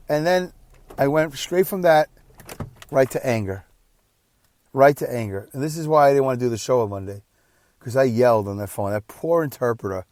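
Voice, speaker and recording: A tired, exhausted man hosting a podcast, telling a personal story in a rambling, emotional way that swings between quiet and loud. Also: medium pitch, lively intonation, normal speed, long pauses. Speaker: podcast host.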